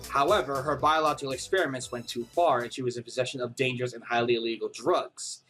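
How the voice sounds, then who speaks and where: A man doing a grave low-voiced female informant. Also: fairly even intonation, fairly bright tone, soft background music, close to an everyday voice. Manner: measured, grave, low-key. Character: calm serious female informant briefing the hero. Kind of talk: reading game dialogue aloud.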